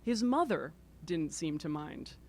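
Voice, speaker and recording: A woman author reading aloud from her own book at a bookstore event, breaking off into expressive, self-deprecating asides. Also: low voice, unhurried.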